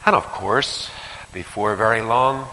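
Man, preacher, storytelling sermon, animated, bright voice, long hall reverb, faint background hum. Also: lowish voice, a little slow. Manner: animated, acts out conversations.

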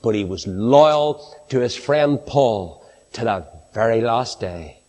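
A man preaching a sermon to a congregation, swinging from high, ringing exclamations down to low, hushed phrases. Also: animated, slow. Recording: long hall reverb.

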